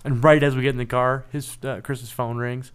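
A man with a smooth, clear voice at a middle pitch tells a story in a casual chat. He keeps a relaxed, wry tone. He slips into other people's voices when he quotes them. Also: moderate pace. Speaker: penetration tester co-host.

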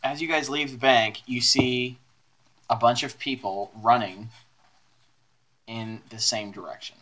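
A man's voice: medium pitch, steady tone, a little slow, a bit bright. Laughing male game master. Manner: laughs often while narrating. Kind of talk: narrating a tabletop game.

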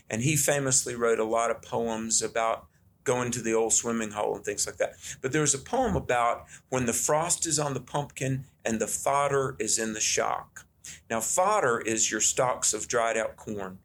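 Middle-aged man, earnest storyteller, mid-pitched, faint noise behind. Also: vocal fry, a bit bright. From Southern United States. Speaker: guest. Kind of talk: conversational storytelling.

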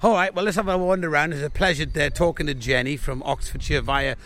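A man's voice: on the high side, steady tone, quick pace, crowd noise. A man hosting a live radio outside broadcast at an animal park, chatting and rambling with a visitor. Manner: chatty, rambling, friendly banter. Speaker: radio presenter.

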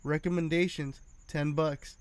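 A man with a slightly higher voice than most, telling a story with lots of swearing. He acts out each person's lines as he goes, in a loose, casual chat. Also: unhurried, clean tone, no room sound. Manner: profane animated storytelling.

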